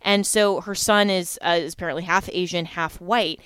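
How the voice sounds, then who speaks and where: A woman's voice: lowish voice, steady tone, normal speed, fairly bright tone, clean tone, no echo, studio quality. A woman hosting a talk show, earnest and pointed as she questions her guest.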